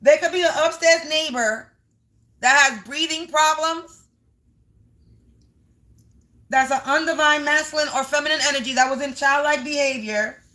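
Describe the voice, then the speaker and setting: Woman spiritual reader on a home livestream, bright tone, emphatic and repetitive. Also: sits high, normal speed, pauses often. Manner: emphatic, repetitive, talks straight to viewers. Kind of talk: casual livestream card reading.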